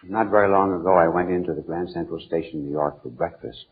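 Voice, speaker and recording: An archbishop telling humorous anecdotes in a deliberate, playful storytelling manner. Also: male voice, sits low, slight background noise. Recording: narrow phone-like old archival recording.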